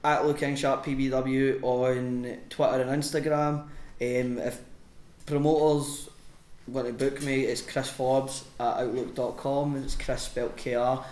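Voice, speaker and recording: A man's voice: mid-range voice, little pitch movement, a little slow, a little mellow, reverberant. A man, a podcast guest and wrestler, telling a sweary anecdote with frequent laughs. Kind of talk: casual storytelling.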